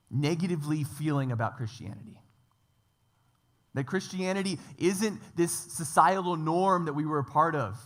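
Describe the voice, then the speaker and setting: A man preaching a church sermon, emphatic, stacking up repeated phrases and lists. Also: on the high side. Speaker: pastor.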